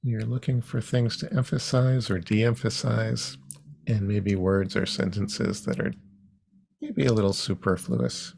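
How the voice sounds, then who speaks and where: A man teaching an online comics workshop over a video call, unhurried and halting, with frequent ums. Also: fairly low pitch, fairly even intonation, creaky, darkish tone, breathy edge.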